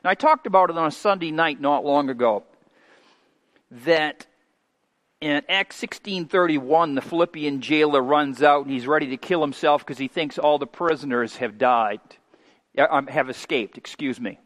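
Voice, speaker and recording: A man in his fifties preaching a sermon as pastor, folksy and homespun, moving from quiet asides to loud, emphatic preaching. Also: a little high, normal speed. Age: 50s. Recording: long hall reverb.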